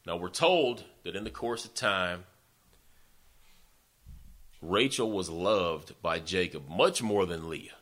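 A male preacher telling a story in a sermon, folksy and animated, often speaking straight to his listeners. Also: low voice, takes it slowly, pauses often.

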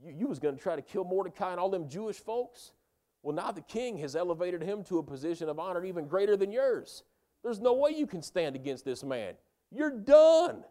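A man's voice: high voice, lively intonation, a little fast, dark tone, voice pushed up. A man voicing the minister's wife and friends, who speak in blunt, slangy words. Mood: scolding.

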